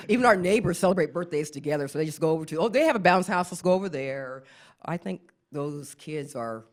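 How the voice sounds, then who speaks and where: A middle-aged woman performing a stand-up comedy set, often jumping into squeaky acted-out voices. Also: lively intonation, fairly quick.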